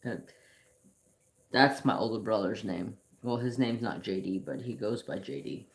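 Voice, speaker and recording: A man's voice: lowish voice, gravelly. A man hosting a craft channel, telling rambling personal stories in casual chat while he paints at home. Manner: slow, rambling storytelling with restarts.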